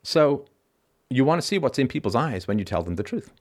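A man's voice: mid-range voice, big pitch swings, fairly quick. A man hosting a call-in show, giving an emphatic philosophical monologue and repeating key lines for stress. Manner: briefly acts out other people's reactions in mocking voices.

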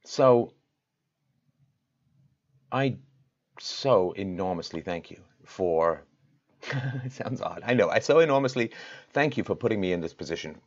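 A man hosting his own show, speaking straight to his audience with impassioned, rhetorical delivery that swings from loud peaks to quiet intensity. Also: low-pitched, expressive, unhurried, pauses often, lo-fi sound. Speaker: show host. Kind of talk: direct-to-camera address.

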